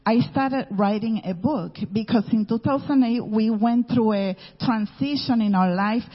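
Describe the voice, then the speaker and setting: Brief: middle-aged woman, soft hesitant address to a church, dull reverberant hall. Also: medium pitch. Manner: gentle, many ums. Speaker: minister's wife. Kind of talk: speaking to a congregation.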